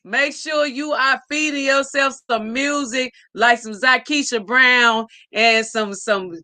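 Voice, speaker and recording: A woman's voice: high-pitched, sharp tone, no echo. A woman hosting a casual live stream, reading viewer comments aloud in an upbeat, effusive way.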